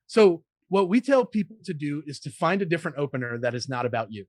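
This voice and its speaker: A man's voice: a little high, fast, no room sound. Upbeat sales trainer man, dry close sound. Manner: energetic, demonstrates call openers. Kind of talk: podcast interview advice.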